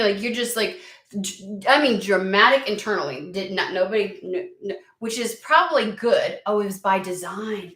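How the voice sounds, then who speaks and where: A woman's voice: medium pitch, moderate pace, fairly bright tone. Chatty woman doing a tarot reading, curses a lot, rambly, sounds like an echoey room. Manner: chatty, rambling, swears freely, lots of "like". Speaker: tarot reader. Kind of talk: casual tarot reading to camera.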